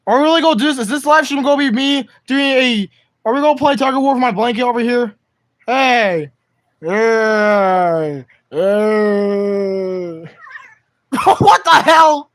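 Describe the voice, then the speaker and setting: A man's voice: very high-pitched, quick pace, a bit bright. A young man live streaming from home on his phone, chatting to his cat in slangy, profane speech. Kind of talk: casual live stream chat.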